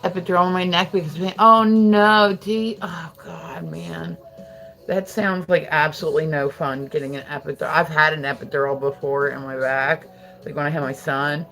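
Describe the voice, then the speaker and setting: A woman's voice: sits low, steady tone, normal speed, creaky, fairly bright tone, soft background music. A woman hosting a livestream, chatting casually with viewers, rambling with lots of fillers and frequent laughter. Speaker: livestream host.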